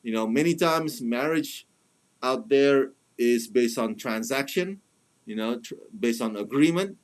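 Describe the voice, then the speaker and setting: A man's voice: medium pitch, lively intonation, unhurried. A man giving a casual spoken review, talking in a chatty way with many fillers and restarts, and putting on mocking voices when he quotes others. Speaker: film reviewer.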